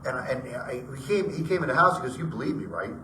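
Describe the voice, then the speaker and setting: A man's voice: mid-range voice, fast talker, distant mic, a little hiss or hum. Chatty man telling ghost stories. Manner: rambling, animated retelling with acted-out dialogue. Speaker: storyteller. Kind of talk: casual personal ghost story told to a group. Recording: echoey room, voice from off-mic.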